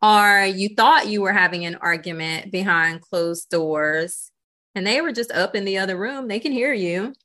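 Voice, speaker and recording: Earnest, bright-toned woman guest. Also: mid-range voice, moderate pace. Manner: earnest and reflective, many "you know" and "right?". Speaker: podcast guest. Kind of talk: candid interview conversation.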